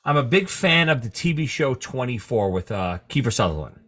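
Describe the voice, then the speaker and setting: Bright, animated male podcast host. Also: medium pitch, a little fast. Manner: animated storytelling, cursing. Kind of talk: casual chat.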